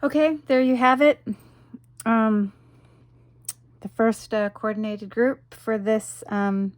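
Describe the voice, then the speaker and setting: In a dry recording, a woman with a clear, resonant mid-range voice shows off the jewelry she sells. She's chatty and enthusiastic, rambling along with plenty of ums and you-knows in a casual product showcase.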